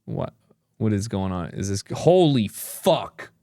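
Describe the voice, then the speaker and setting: A man streaming casually, reacting out loud with swearing and frequent laughter. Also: on the low side, slow pace, dry recording, clean studio sound. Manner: animated, swearing, laughing often.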